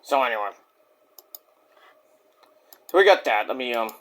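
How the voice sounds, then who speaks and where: A man's voice: mid-range voice, expressive, unhurried, a bit bright. A man casually reviewing a wrestling show in a rambling, jokey, profane way.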